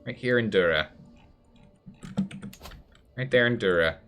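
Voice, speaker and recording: A man streams a strategy game live, chatting, thinking out loud and responding to chat as he plays. His voice is lowish and fairly bright, and he speaks a little slowly, with faint music in the background.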